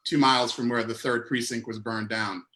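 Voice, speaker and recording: A man's voice: medium pitch, fairly even intonation, normal speed, bright, forceful tone. A man guest speaking earnestly and hesitantly, with many fillers.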